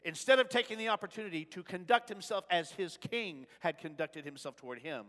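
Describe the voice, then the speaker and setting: A man preaching a sermon in a church sanctuary, swinging between shouted lines and soft asides. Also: sits high, fairly quick. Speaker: pastor. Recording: long reverb of a large sanctuary.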